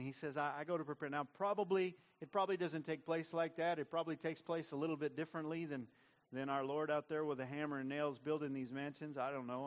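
A man preaching a sermon in a conversational, repetitive way. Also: a little high. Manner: conversational preaching with frequent repeated words. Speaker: pastor.

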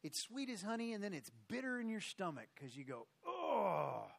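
Man preaching with a slightly high voice. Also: very animated, fast talker, a bit bright. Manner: preacher's closing exhortation and prayer, repetitive emphatic phrasing. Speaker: pastor. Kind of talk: sermon. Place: church sanctuary.

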